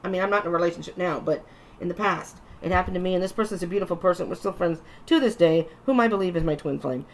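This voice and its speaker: A woman's voice: lowish voice, fast talker. A woman giving a casual, chatty tarot reading, talking reassuringly and often restarting her sentences, and sounding a little tired. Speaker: tarot reader.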